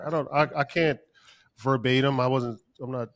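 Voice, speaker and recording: On a podcast he co-hosts, a man with a mid-range voice talks casually at normal speed, launching into a profane, heated rant, his voice climbing as he gets worked up.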